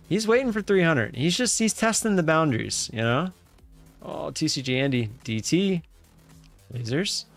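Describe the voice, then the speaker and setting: A man hosting a live stream in casual chatter, who breaks into loud cheering now and then. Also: mid-range voice.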